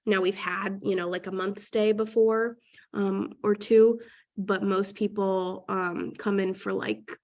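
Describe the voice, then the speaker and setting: Nasal, creaky-voiced Midwestern woman. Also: medium pitch, little pitch movement, a little mellow. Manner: fast-talking, lots of fillers. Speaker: guest real estate investor. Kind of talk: casual webinar talk.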